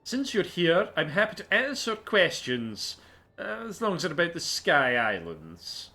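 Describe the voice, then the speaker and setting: A man's voice: fairly high pitch, huge pitch swings, unhurried, pushed and bright, faint music behind, pitched above the performer's own voice, heavily acted. A man voicing a slightly posh Scottish male researcher with a put-on Scottish accent, eager and lecturing.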